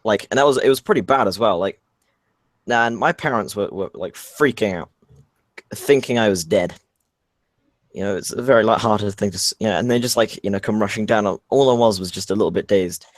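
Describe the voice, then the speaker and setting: A man's voice: on the low side, fairly quick, no echo. A young man co-hosting a podcast, telling a story in a rambling, hesitant way full of fillers, over a voice call. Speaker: podcast co-host. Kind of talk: casual storytelling chat on a voice call.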